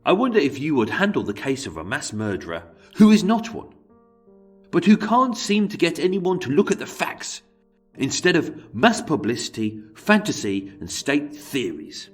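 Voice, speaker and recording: A man's voice: a little high, wildly swooping pitch, moderate pace, soft background music. A man with a put-on Brummie accent reads out a formal, aggrieved letter as a self-pitying jailed murderer pleading with a lawyer. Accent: Birmingham (Brummie), put on.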